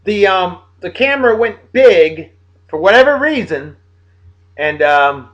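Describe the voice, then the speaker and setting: A man in his late thirties from Massachusetts, hosting a casual video blog and giving playful, hearty birthday shout-outs to friends. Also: high-pitched, expressive, takes it slowly, highs cut off. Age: late 30s.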